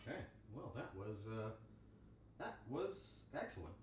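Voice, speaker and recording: Crude, animated male streamer in an echoey kitchen. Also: lowish voice, a little slow, slight background noise. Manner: crude, joking, animated banter with chat. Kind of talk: casual livestream chat while cooking. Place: home kitchen.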